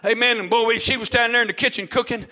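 An older man, a preacher, giving a fervent sermon testimony, peppered with amens and rising to shouts. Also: extremely high pitch, steady tone, rapid-fire, a little hiss or hum.

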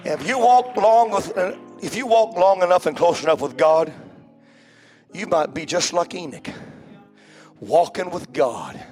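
A man pastor with a high, ringing voice preaches to his congregation in a rhythmic cadence, punctuating phrases with breathy "uh"s. His delivery climbs into shouted runs, over soft music in the church. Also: animated, a little slow. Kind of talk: sermon. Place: church sanctuary before a congregation.

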